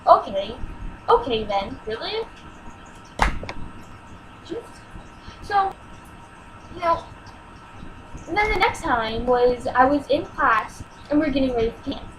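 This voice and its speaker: A woman's voice: sits high, animated, slow pace, long pauses, a bit bright, a little hiss or hum, rough recording. A teenage girl telling a personal story in a home vlog, exasperated and emotional as she acts out what people said. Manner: emotional, exasperated retelling with acted-out quotes.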